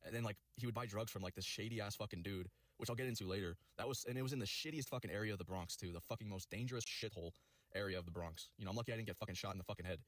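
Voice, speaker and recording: A man tells a long personal story at breakneck speed, swearing constantly and piling up fillers. His voice sits somewhat low. The sound is dry and close to the mic. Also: no echo. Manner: rapid, profane, rambling with many fillers. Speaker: vlogger telling a personal story. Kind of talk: rambling storytelling.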